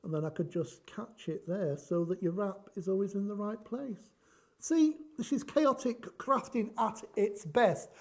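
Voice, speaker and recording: A middle-aged man hosting a craft demonstration speaks in a high-pitched, slightly mellow voice at a measured pace. His tutorial is chatty and jokey, full of rambling and thinking aloud.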